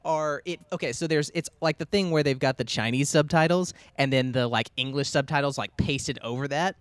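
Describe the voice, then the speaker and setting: A man in his thirties telling stories in casual chat, relaxed and laughing often. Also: fairly high pitch, fairly quick, smooth, no room sound. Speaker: podcast guest.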